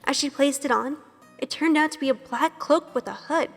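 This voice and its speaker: A shy, nervous young woman tells her story in an earnest inner monologue, often questioning herself. Her voice sits a little high and carries a long reverb, with soft music underneath. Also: moderate pace. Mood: self-conscious. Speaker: narrator. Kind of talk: first-person audio drama narration.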